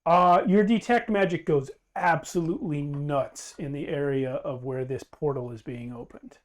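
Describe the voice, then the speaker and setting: Relaxed man running a tabletop game. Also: on the high side, moderate pace. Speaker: game master.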